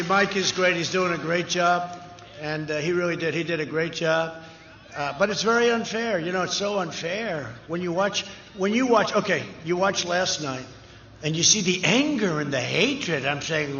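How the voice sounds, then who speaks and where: A man's voice: high-pitched, normal speed, sharp tone. Man speaking at a rally, echoey PA sound. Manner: rambling, repetitive, boastful riffs. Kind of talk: campaign rally speech. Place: outdoor rally before a large crowd. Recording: echoey, dull PA sound with crowd noise. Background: cheering crowd.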